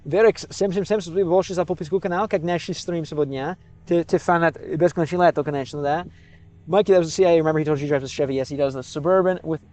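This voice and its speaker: A man's voice: fairly high pitch, darkish tone, clean tone, highs cut off. An American man streaming live, chatting casually with viewers and switching between English and hesitant learner Russian full of restarts.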